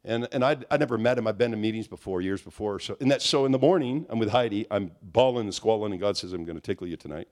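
A man preaching a charismatic sermon, telling stories with animated swings and climbing to high, near-shouted peaks. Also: fast talker, few pauses.

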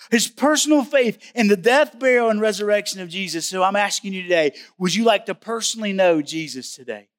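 Guy preaching a sermon, high voice, chatty and emphatic, keeps asking the crowd stuff. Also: fairly bright tone. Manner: emphatic, conversational preaching, asks the audience questions. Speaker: pastor.

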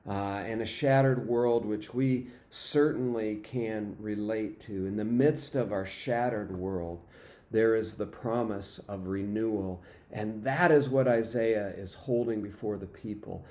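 A man's voice: fairly low pitch, darkish tone. Guy preaching a sermon, takes his time, lots of uhs and repeats himself. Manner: unhurried preaching with fillers and repeated phrases. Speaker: pastor.

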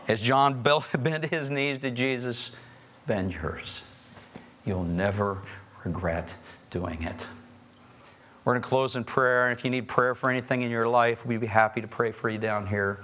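A man leading a church service as pastor, moving between hushed earnest prayer and emphatic preaching. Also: lowish voice. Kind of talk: sermon and prayer. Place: church sanctuary.

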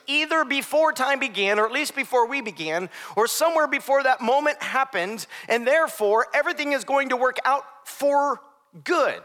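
A man's voice: extremely high pitch, sharp tone. A young adult man preaching a sermon as pastor, conversational with joking asides.

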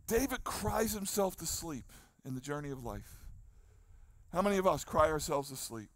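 Older male pastor, high-pitched, dry close sound; animated outdoor sermon, dramatic scripture readings. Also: normal speed, no room sound. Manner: animated preacher, acts out quoted psalms, asks the crowd questions. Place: outdoor lawn gathering.

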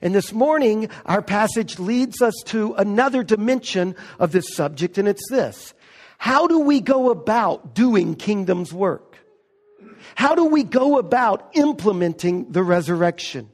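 High-voiced man preaching in a hall. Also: lively intonation, darkish tone. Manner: emphatic preaching with slow stressed words. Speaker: pastor. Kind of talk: sermon.

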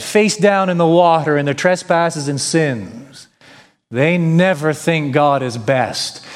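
A male pastor preaching a sermon, emphatic, with rhetorical questions and repetition. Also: medium pitch. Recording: long hall reverb.

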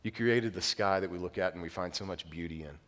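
A young man preaching as a pastor, with a fairly low voice that rings out in a hall with a long echo. He tells stories in a relaxed, chatty way, gets louder when excited, then drops to a quiet, solemn emphasis. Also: fast talker. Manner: conversational, animated storytelling with sudden quiet emphasis. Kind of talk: sermon.

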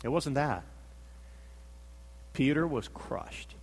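A man's voice: medium pitch, expressive, slow, gravelly, slightly rough. Preacher man in a reverberant hall. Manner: dramatic storytelling, acting out quotes, emphatic repetition. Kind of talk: sermon.

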